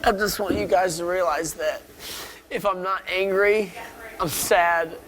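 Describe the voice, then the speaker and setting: A young man on the edge of tears, his voice pushed high and tight. He swears and stumbles as he explains how hurt he feels, breaking off mid-sentence. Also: fairly even intonation, measured pace, a bit bright, a little hiss or hum. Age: 20s. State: tearful. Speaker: reality show contestant. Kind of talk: emotional confession.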